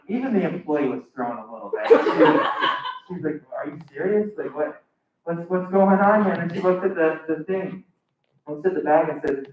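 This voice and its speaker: A man's voice: a little high, moderate pace. Young man telling a rambling stand-up story. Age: young adult. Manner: acts out quoted voices, rambling and self-correcting. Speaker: student stand-up comic. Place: live comedy stage. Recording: echoey muffled room recording from far off, noisy.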